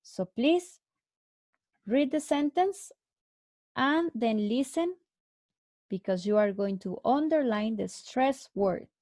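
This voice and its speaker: A woman teaching an English lesson, explaining answers slowly and clearly with repeated examples. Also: a little high, expressive, a little mellow, no echo. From Mexico. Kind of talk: recorded online English lesson.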